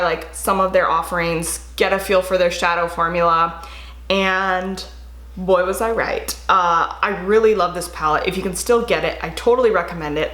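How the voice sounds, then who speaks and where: A young woman chatting casually with fillers as she shows a makeup tutorial. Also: mid-range voice. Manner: calm, quieter voice-over narration. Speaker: beauty vlogger. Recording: echoey room.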